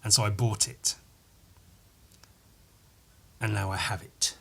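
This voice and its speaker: A man's voice: lowish voice, level tone, takes it slowly, vocal fry, sharp tone, breathy edge. A man hosting a solo comedy podcast, telling a rambling story that keeps correcting itself, with crude asides. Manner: meandering, self-correcting, crude jokes. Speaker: podcast host.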